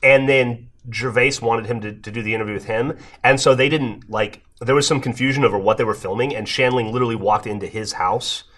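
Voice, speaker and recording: Fast-talking man retelling a story. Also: medium pitch, steady tone, a bit bright. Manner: retelling anecdotes, laughing. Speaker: podcast co-host. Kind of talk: casual chat, storytelling.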